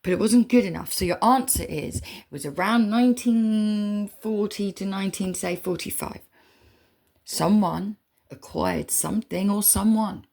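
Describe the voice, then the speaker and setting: A woman's voice: medium pitch, unhurried, gravelly, a little mellow. A woman in an emotional monologue spoken straight to her listeners, intense and swearing, sometimes dropping to a whisper. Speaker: spiritual reader. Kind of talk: emotional direct-to-camera monologue.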